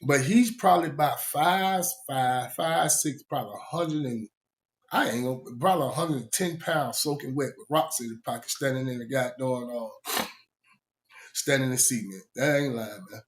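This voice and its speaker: A man telling a casual story, animated and laughing often, his voice jumping high when he quotes himself. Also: normal speed.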